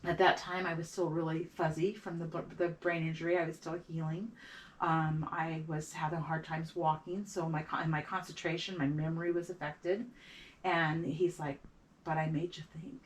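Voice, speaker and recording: Middle-aged woman, low-pitched voice, casual storytelling, halting with repeated words, recorded a little far from the mic. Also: flat delivery, a little hiss or hum. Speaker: beadwork artist.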